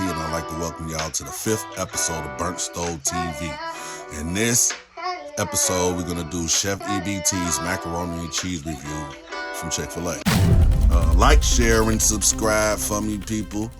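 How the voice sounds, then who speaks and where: A man with a deep, low voice hosts a relaxed cooking review vlog, chatting loosely and tossing in constant asides to his viewers. He sounds like he is talking from a home kitchen. Music plays clearly in the background behind him. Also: moderate pace. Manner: laid-back and chatty, with frequent "you know what I'm saying" asides. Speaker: cooking show host. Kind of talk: casual food review vlog. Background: music playing.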